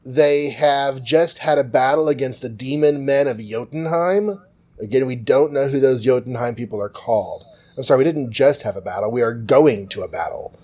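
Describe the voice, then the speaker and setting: A man casually recapping a comic in a podcast chat, loose and jokey with lots of "um" and "like". His voice sits at an everyday medium pitch. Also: moderate pace, darkish tone. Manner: chatty, jokey, full of fillers. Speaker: podcast host.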